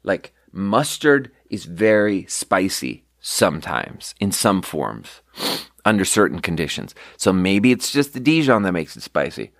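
Male podcast host, lowish voice, chatty storyteller who keeps interrupting himself, giggly and excitable. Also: a little slow, no room sound, studio quality. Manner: rambling, self-interrupting, many "like" fillers. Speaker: restaurant front-of-house worker. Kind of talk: casual chat, storytelling.

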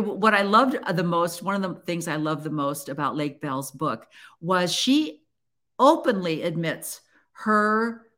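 With a fairly low pitch and a fairly bright tone, a woman talks to listeners on her own podcast in a casual solo format. Earnest and encouraging, she frequently begins her sentences again.

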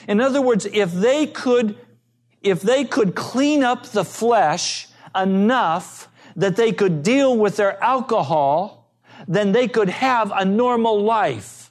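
A man's voice: high-pitched, lively intonation. A man preaching a sermon as pastor, earnest, telling stories and acting out the people in them. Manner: slow, earnest preaching with acted-out quotes.

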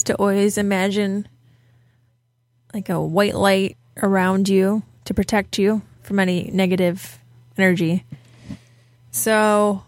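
A woman's voice: medium pitch, dry recording. Chatty woman co-host, dry close sound. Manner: chatty, giggly storyteller. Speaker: podcast co-host. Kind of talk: casual chat.

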